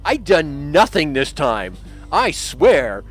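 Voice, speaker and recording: Man doing a desperate hotel cleaner, whiny, high, pleading, swooping voice. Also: very animated, slow, soft background music, heavily acted. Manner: pleading, indignant, higher-pitched.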